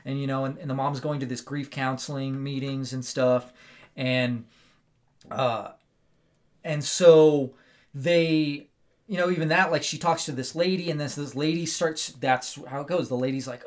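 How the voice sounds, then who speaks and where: A man on a casual podcast, retelling a film in an animated, rambling way, full of "like" and "right?". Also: mid-range voice, unhurried. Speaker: podcast co-host.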